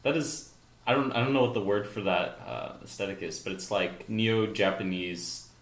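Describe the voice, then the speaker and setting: A young man co-hosting a casual podcast, chatty and musing, quick to laugh. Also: fairly low pitch, echoey room. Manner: animated, laughs easily, musing. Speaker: podcast co-host. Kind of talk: casual chat.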